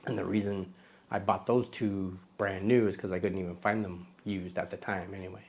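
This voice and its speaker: A man's voice: sits low, little pitch movement, normal speed. A man hosting a photography vlog, talking casually to camera in a rambling, self-deprecating way with many fillers and restarts.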